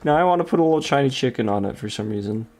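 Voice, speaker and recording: Giggly man with a lively voice. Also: medium pitch, very fast. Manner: giggly, playful self-talk. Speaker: online artist. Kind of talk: casual talk while drawing.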